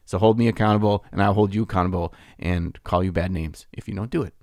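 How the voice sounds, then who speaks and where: Male podcast co-host, deep voice, rambling and prone to laughter, dry studio sound. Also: fairly even intonation, quick pace, darkish tone, no echo. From United States. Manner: rambling, restarts often, laughs easily. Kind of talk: casual podcast chat.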